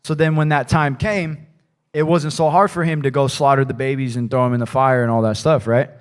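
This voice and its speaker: A man's voice: mid-range voice, steady tone, a little fast, smooth. A man preaching a conversational sermon in a church, talking casually and loosely, often adding "like" and "right?". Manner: casual, rambling, peppered with "like" and "right?". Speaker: pastor.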